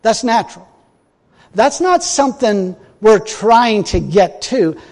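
A man with a notably high voice delivers a folksy, emphatic sermon. He swings from loud exhortation to quiet, wry asides, chuckling along the way. The sound carries a long reverb from a large hall. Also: lively intonation, takes it slowly. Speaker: preacher.

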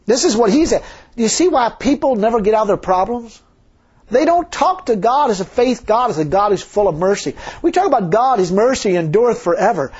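Animated high-voiced folksy preacher. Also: male voice, brisk, slightly rough. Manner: folksy, emphatic, rhetorical questions. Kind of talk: sermon. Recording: dull lo-fi sermon recording.

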